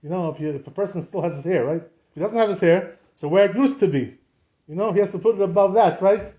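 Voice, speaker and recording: Fast-talking rabbi with a high, mellow voice. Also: male voice, dull audio. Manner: conversational, asks many rhetorical questions; mixes in Hebrew and Aramaic terms. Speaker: rabbi teaching Jewish law. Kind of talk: informal Torah class.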